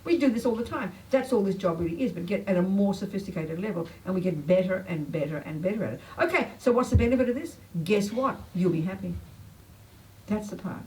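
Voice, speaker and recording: An older woman teaching a public Buddhist talk, blunt and emphatic, pitch swinging up when she makes a point. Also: expressive, brisk, a little mellow, far from the mic, rough recording. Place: talk venue. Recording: faint noise, voice a bit off-mic.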